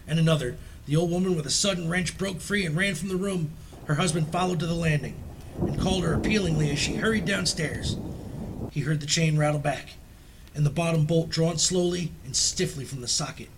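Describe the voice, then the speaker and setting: A man telling a ghost story aloud in a dramatic, suspenseful reading, sinking low and quiet at tense moments. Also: fairly quick, gravelly, slight background noise.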